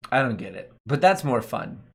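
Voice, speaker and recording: A young man hosting a casual stock market live stream, reading his chat aloud and joking around with slangy banter and frequent laughs. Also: mid-range voice. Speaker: stock market livestream host.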